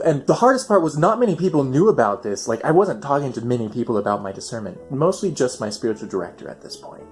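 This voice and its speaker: Animated young man telling a story. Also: a little high. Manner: animated, swinging from loud excitement to near whispers. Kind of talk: personal storytelling.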